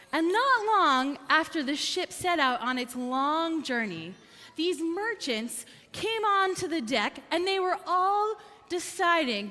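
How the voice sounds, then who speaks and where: A woman's voice: sits high, long reverb tail. A woman telling a story from the pulpit during a service, acting out the characters' voices. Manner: animated storyteller, acts out quoted voices. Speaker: clergy member telling a story. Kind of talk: storytelling sermon. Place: synagogue sanctuary.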